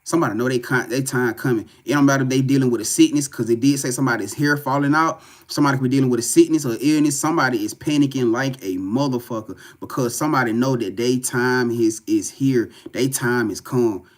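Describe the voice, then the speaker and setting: A man giving a live spiritual reading to viewers, talking in a profane, repetitive, animated way. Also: mid-range voice, quick pace, hardly any pauses. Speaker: tarot reader.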